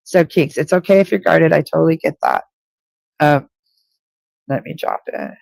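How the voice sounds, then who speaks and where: A woman hosting a live psychic reading session, her voice gravelly with a dry, close sound. She speaks directly to each listener and repeats key points for emphasis. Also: sits low, moderate pace, a little mellow, dry recording. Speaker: psychic reader. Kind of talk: live-stream intuitive reading.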